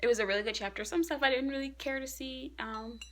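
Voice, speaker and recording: A young woman giving a casual, excitable review of a manga chapter, often dropping to a hushed whisper. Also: high voice, fast talker.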